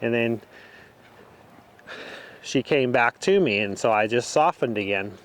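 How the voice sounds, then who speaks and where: Clear-voiced man teaching horse work. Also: mid-range voice, a little slow. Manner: relaxed, talks the viewer through each step. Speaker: horse trainer. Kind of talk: casual instruction while working a horse.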